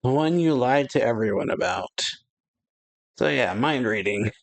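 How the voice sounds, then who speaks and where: A man's voice: medium pitch, expressive, measured pace, creaky. Casual man reading a manga chapter aloud. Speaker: anime reaction channel host. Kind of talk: casual manga read-along with reactions.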